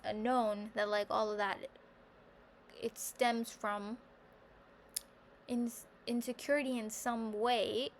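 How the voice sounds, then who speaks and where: A woman's voice: on the high side, slight background noise. Rambling, self-reflective woman vlogger. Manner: animated when quoting her own thoughts. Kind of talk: casual vlog monologue.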